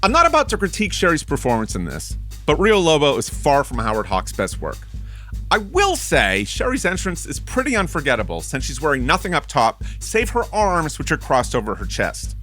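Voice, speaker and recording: Male host, bright, animated pitch, wry chat, faint music behind. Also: a little fast. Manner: lively, wry, conversational. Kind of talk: interview podcast.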